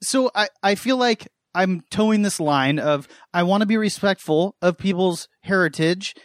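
A man hosting a podcast, chatting in a halting way and laughing between phrases. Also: sits high, no room sound, studio quality. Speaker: podcast host. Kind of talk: casual chat.

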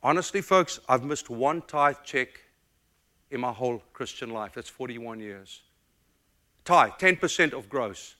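A middle-aged man from the United States preaches in an animated storytelling style. His voice is bright and forceful at an average pitch. He pours feeling into every story. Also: unhurried. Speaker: pastor. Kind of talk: storytelling sermon.

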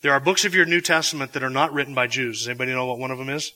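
A man's voice: mid-range voice, steady tone, rapid-fire, bright, forceful tone. A man teaching a Bible class in a classroom or church hall, explaining patiently with frequent restarts. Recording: long hall reverb.

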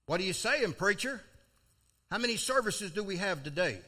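An older preacher with a high, bright, ringing voice. His pitch swings widely as he spins a folksy story from the pulpit, breaking into sudden loud cries. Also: animated, moderate pace, slightly rough. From South Florida. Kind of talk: storytelling sermon.

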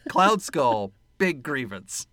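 A man's voice: medium pitch, sing-song, slow pace, pushed and bright, no room sound, clean studio sound. A man co-hosting a casual movie-review podcast, sarcastic, swearing freely and laughing at his own jokes. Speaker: podcast co-host.

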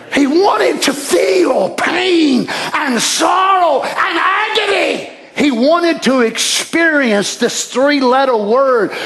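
A man preaching a fervent evening sermon in church, shouting passages and then dropping to quiet asides. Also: extremely high pitch. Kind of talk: impassioned sermon. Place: church sanctuary. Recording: echoey church hall.

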